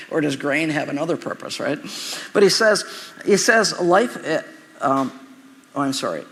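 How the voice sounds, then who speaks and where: A man delivers a sermon in a chatty, wandering way, stopping for asides and repeating himself. His voice is slightly high, with a gravelly edge and a bright, forceful tone. The sound rings with the long reverb of a large hall. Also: normal speed. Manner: conversational preaching with asides and repeated words. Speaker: pastor.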